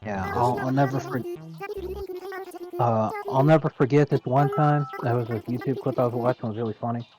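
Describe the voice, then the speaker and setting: A woman's voice: very deep voice, fairly quick, music in the background. A woman on a live stream chatting casually, ranting with frequent swearing. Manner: animated, profane ranting. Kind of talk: casual chat.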